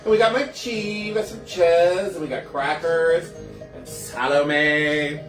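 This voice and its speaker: A man's voice: high-pitched, moderate pace, reverberant, soft background music. A man hosting a casual live cocktail show from his kitchen, chatty and gushing as he greets viewers. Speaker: host of a home cocktail livestream.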